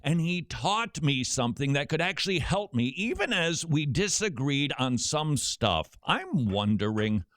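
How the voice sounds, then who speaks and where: Lively middle-aged male radio host. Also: fairly high pitch, dry recording, studio quality. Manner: lively, joking storyteller with quick asides. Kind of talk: talk radio commentary.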